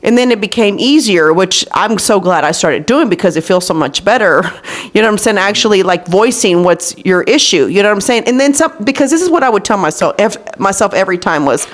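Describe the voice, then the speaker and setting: A woman podcast host in her thirties talks in a relaxed, candid way at an ordinary middle pitch. She tells stories from home life and slips into the voices of the people she quotes. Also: a little fast. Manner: candid storytelling, acts out quotes. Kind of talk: casual chat.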